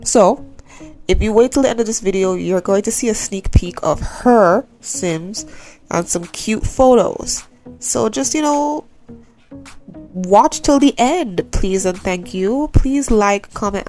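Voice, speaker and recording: A woman's voice: mid-range voice, darkish tone. Woman, tired, casual rambling chat, gaming vlogger, faint music behind. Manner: chatty, rambling, repeats pleas to subscribe. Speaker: Sims YouTuber.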